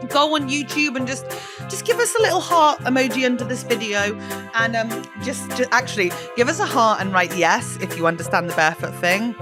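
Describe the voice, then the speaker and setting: Woman hosting a podcast, sweary and chatty, kinda high voice w faint music underneath. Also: expressive, brisk. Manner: chatty, swears freely, laughs at herself. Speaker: podcast host. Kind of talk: casual chat.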